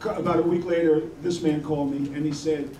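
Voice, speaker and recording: A man telling a lively anecdote on stage, acting out the voices of the people in his story. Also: on the high side, fast talker, slight background noise. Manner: acts out voices in his stories, laughing. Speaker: guest storyteller, rock guitarist. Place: arts center hall with audience. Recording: echoey hall, distant mic, crowd.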